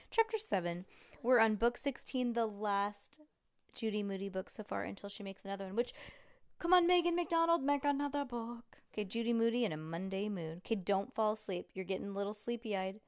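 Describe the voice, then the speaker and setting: A woman's voice: mid-range voice, brisk, clear, resonant tone, no room sound, clean studio sound. A woman reading a chapter book aloud to her child at home, breaking off for playful, chatty asides.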